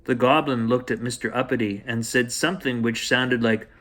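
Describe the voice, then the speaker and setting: A man hosting and reading a bedtime story aloud in a gentle, playful way for children. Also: medium pitch, fairly even intonation, moderate pace. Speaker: storyteller host.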